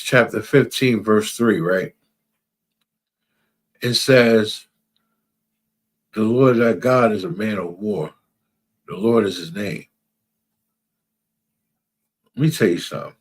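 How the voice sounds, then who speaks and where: A man's voice: on the low side, unhurried, pauses often, breathy edge. A man preaching to a class, reading out scripture and repeating phrases for emphasis, often asking if listeners understand. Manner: reads out scripture verses. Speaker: religious class teacher.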